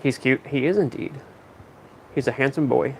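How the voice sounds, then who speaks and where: A man's voice: medium pitch, normal speed, slight background noise, poor audio. A young man chatting casually at home as a vlogger, laid-back, sometimes spelling words out letter by letter. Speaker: vlogger and parrot owner. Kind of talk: casual chat to camera.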